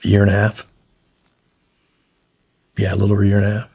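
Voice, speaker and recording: Gravelly profane man telling a story. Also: on the low side, completely flat delivery, quick pace, a little mellow. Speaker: guest, former hostage. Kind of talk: podcast interview storytelling.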